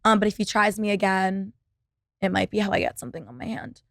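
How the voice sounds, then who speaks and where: A woman's voice: medium pitch, expressive, fast talker, vocal fry, fairly bright tone, dry recording, studio quality. A woman in her twenties hosting a solo podcast, rambling casually with constant fillers and swearing. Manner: rambling, profane, lots of "like" fillers. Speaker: podcast host. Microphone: laptop setup.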